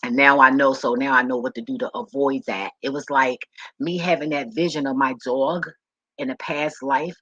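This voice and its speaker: A woman's voice: rumbling low, steady tone, moderate pace, a bit bright, no room sound, dull audio. A woman vlogger telling personal stories straight to the camera, frank and full of swearing, who repeats words when she gets emotional. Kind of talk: candid personal storytelling to camera.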